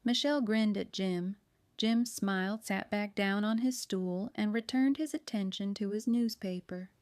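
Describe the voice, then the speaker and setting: A woman's voice: mid-range voice, unhurried, a little mellow, smooth, no room sound. A woman narrating a mystery audiobook expressively, giving each character a voice. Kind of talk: scripted narration.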